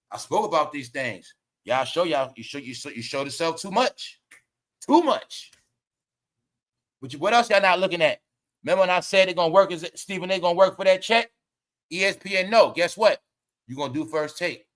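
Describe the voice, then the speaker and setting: High bright-voiced man laughing through commentary. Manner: laughs often, slangy, profane, animated storytelling. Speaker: commentary livestream host. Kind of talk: casual commentary.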